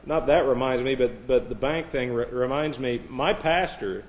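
A man's voice: medium pitch, normal speed. A man preaching a sermon, telling stories and reading out joke lists, chuckling between them. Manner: storytelling, chuckles between jokes; reads lighthearted lists aloud. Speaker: pastor. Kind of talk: humorous sermon.

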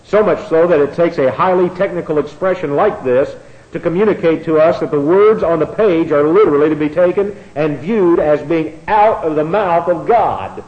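Male bible teacher, fairly high voice, spells words out and repeats himself; echoey, dull lo-fi classroom recording. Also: normal speed.

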